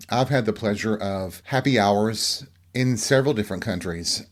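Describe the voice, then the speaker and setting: A middle-aged man from Tennessee, hosting a podcast alone in candid, campy, chatty storytelling. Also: on the low side. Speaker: podcast host. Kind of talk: casual solo chat.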